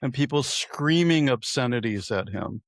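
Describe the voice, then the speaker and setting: A man's voice: medium pitch, lively intonation, moderate pace, no echo. Profane storytelling man, dry close sound. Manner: profane, storytelling with acted-out quotes. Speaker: podcast co-host. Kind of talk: casual political chat.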